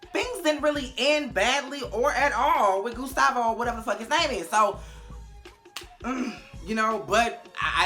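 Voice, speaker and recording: A young woman, recapping a TV episode to camera, profane and animated, acting out the scenes with big vocal swings. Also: on the high side. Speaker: TV recap vlogger. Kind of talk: casual recap commentary to camera.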